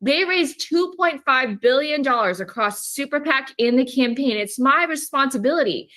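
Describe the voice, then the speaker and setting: A woman's voice: high-pitched, lively intonation, moderate pace, pushed and bright. A woman speaking as a political fundraiser guest on a TV interview, indignant and emphatic.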